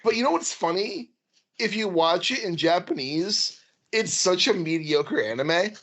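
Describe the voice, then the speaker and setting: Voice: mid-range voice, animated, a little slow, fairly bright tone. A podcast co-host chatting casually, laid-back and rambling, laughing often. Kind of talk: casual chat.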